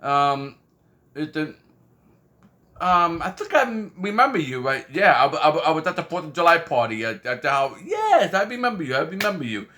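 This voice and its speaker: A man's voice: on the high side, lively intonation, normal speed, sharp tone. A man telling a rambling anecdote in casual speech, repeating "you know what I mean" and acting out other people's lines. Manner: acts out quoted voices. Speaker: storyteller.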